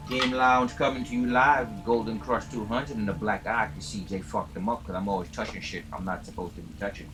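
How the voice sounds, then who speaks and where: A man live-streaming a game, chatting casually and swearing while he teases his chat from his home gaming chair. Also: lowish voice. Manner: hyped, profane, teasing his chat. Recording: noisy background.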